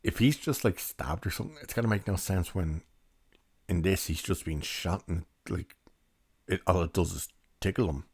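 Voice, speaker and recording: Low-voiced man chatting casually. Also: moderate pace, darkish tone, husky, no room sound, clean studio sound. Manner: rambling, chatty, laughs while recounting. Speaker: film reviewer. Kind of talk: casual spoken film review.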